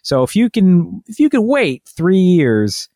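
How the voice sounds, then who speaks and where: A man's voice: high voice, wildly swooping pitch, a little slow, mellow, no echo, studio quality. A man co-hosting a casual chat, explaining at length in a rambling, chatty way. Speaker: podcast co-host.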